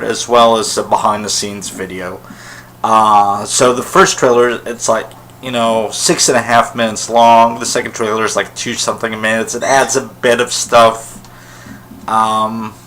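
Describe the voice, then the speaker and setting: A man's voice: mid-range voice, fairly even intonation, measured pace, fairly bright tone, low-quality recording. A man talking casually to camera in his own vlog, rambling enthusiastically about something he is a fan of, with lots of fillers and restarts. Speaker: vlogger. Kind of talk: casual solo vlog commentary.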